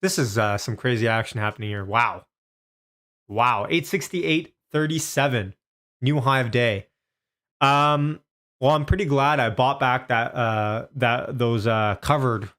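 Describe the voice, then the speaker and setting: A man hosting a live stock market stream, excitedly calling out prices as they move and often repeating himself. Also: medium pitch.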